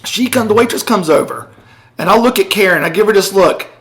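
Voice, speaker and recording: Brisk and high-sitting, this gravelly voice belongs to a middle-aged podcast co-host spinning a story in casual chat. He's an animated storyteller who performs the quoted voices himself.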